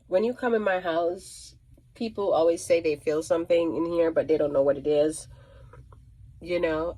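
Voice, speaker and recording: A woman's voice: deep voice, a little mellow. A woman working as a psychic medium, telling a casual storytime monologue in a rambling way, restarting and repeating phrases with many ums.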